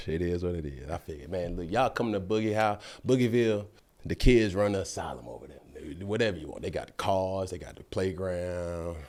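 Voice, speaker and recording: A man in his thirties with a Southern American accent, hosting a podcast and telling a profane, animated story, laughing often. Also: low-pitched, moderate pace. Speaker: podcast host. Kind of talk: casual storytelling.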